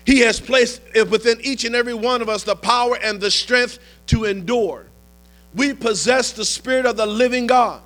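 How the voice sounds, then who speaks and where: A man preaching a sermon as pastor, telling a story and building to impassioned shouts. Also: sits high.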